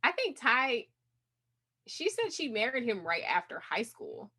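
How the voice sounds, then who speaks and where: A woman's voice: on the high side, big pitch swings, unhurried, pushed and bright. A woman co-hosting a casual podcast chat, talking loosely with lots of "like" fillers. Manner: chatty, many fillers like "like". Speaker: podcast co-host.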